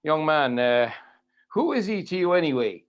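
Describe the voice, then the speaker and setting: A man's voice: fairly high pitch, big pitch swings, moderate pace. A man voicing a blunt, joking rural policeman. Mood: teasing, reassuring. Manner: chatty, teasing, blunt country talk. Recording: dull lo-fi audio.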